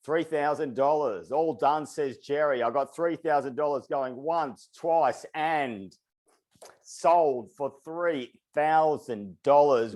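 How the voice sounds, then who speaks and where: A man calling bids at an online charity auction in a steady, repeating auctioneer's patter, slightly out of breath. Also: fairly high pitch, slow. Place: online webinar.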